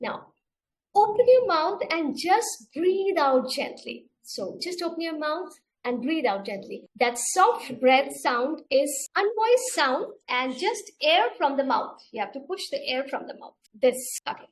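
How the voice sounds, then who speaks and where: Slow, high-voiced woman teaching phonics. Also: sing-song. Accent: Indian English. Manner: slow, patient, demonstrates sounds and repeats steps. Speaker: teacher trainer. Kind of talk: webinar instruction.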